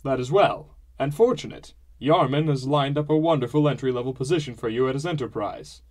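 A man voicing a hearty, showy middle-aged merchant father who talks with booming, forced cheer. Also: fairly quick, darkish tone, close to an everyday voice. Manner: booming, jovial, with fake cheer. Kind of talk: audiobook character voice.

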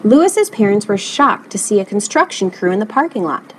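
Animated woman reading a children's book. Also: mid-range voice, a little fast, slight background noise, poor audio. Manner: expressive, animated storytelling. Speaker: storybook reader. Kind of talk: picture book read-aloud.

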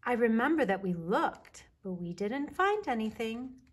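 A woman voicing a gentle, patient mother bear. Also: on the high side, unhurried, breathy edge, pitched above the performer's own voice, exaggerated voice. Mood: gentle, reassuring. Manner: calm, reassuring, explains kindly. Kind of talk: children's storybook reading.

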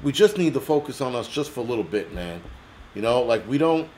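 A man's voice: mid-range voice, sing-song, brisk, darkish tone, a little hiss or hum. An American man hosting a livestream, ranting angrily in a blunt, profane, heated way. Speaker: livestream host.

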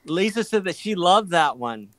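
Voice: mid-range voice, sing-song, normal speed, fairly bright tone, dry recording. A co-host on a casual craft livestream, chatty and reading out viewer comments.

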